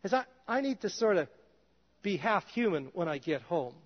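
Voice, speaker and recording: A male pastor preaching a conversational sermon in a church, his voice dropping soft and low at times. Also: sing-song, moderate pace. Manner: conversational, drops soft and low in quoted prayers. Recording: dull reverberant hall sound.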